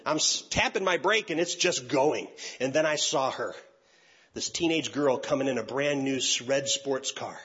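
A man, a youth pastor and speaker, telling a funny story in an animated way and acting out each person's voice. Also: medium pitch, normal speed, husky. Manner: animated, acts out every voice. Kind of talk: comic storytelling talk. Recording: dull lo-fi recording.

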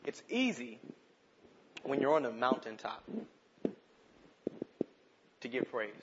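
A man preaching a sermon, moving between urgent, passionate pleas and quiet, reflective asides. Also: mid-range voice, big pitch swings, slow, highs cut off, noisy background. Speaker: pastor.

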